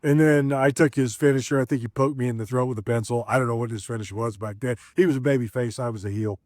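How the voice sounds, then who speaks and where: Speaking fast in a middle-pitched voice, a middle-aged ex-pro wrestler rambles through casual stories, full of "uh" fillers and restarted sentences. The audio is close and dry, without room echo.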